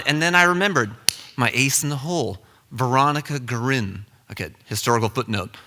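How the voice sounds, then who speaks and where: A man's voice: a little high, expressive, moderate pace, pushed and bright, big-room sound. A young man telling a comic, self-deprecating story live on stage.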